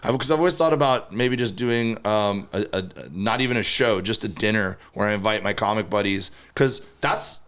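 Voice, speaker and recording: Casual podcast host, low-pitched man, earnest, stumbles and repeats words. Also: moderate pace, hardly any pauses, a bit bright, clear, resonant tone. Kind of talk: casual interview chat.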